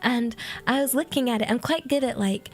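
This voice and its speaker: A woman's voice: a little high, brisk. A British woman streamer chatting casually, rambling and giggling, with lots of fillers. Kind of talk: casual chat.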